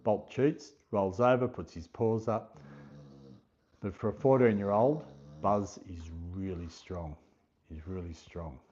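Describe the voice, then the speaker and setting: A low, mellow-voiced Australian man hosts a relaxed livestream and chats easily with his viewers. He reads their comments aloud, thanks them by name and laughs often. His voice comes through a husky, dull lo-fi stream. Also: takes it slowly. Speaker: livestream host. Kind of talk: casual chat, reading viewer comments aloud.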